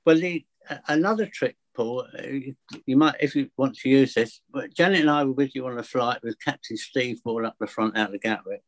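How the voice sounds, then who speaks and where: A man's voice: medium pitch, fairly quick. A man, a fear of flying coach, telling chatty anecdotes in an interview and acting out both sides of the dialogue. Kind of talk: casual storytelling interview.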